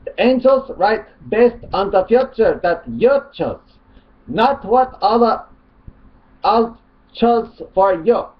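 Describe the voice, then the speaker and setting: A man voicing a male online debater in a mock Arabic accent, high and insistent. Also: lively intonation, slow. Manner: high, loud, insistent put-on voice. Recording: dull lo-fi recording.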